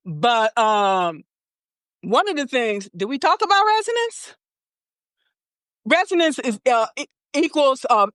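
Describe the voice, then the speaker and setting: In studio-quality audio with no echo, a podcast host with a high-pitched, somewhat bright voice chats casually with her guest. She explains things while constantly tossing in "okay?" to check her guest is following.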